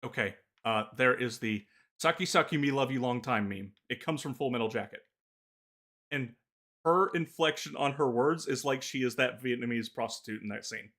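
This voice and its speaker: A man co-hosting a casual gaming podcast, talking in halting bursts full of filler pauses. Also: mid-range voice, fairly bright tone. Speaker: podcast co-host.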